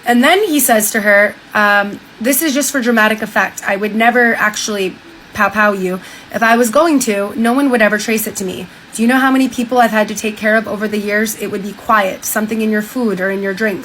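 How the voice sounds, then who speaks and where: A young woman streamer casually retelling a diary, often dropping her voice low and flat for the quotes. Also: a little fast, a little hiss or hum, poor audio. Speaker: streamer reading a diary aloud. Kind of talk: casual reaction chat, retelling a story.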